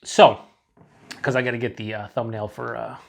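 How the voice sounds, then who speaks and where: A man's voice: medium pitch, little pitch movement, normal speed, creaky. Casual male beer reviewer, rambling and profane, mid-range voice. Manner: chatty, rambling, swears freely. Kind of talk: casual tasting review to camera.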